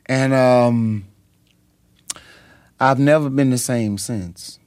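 A pastor and singer telling his story in a radio interview, animated and repetitive, with many pauses and ums. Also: medium pitch, no echo.

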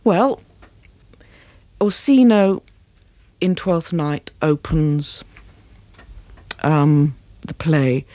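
A woman acting and voice coach, talking passionately as an interview guest and slipping into slow, dramatic readings of verse. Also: fairly low pitch, sing-song, mellow, no room sound.

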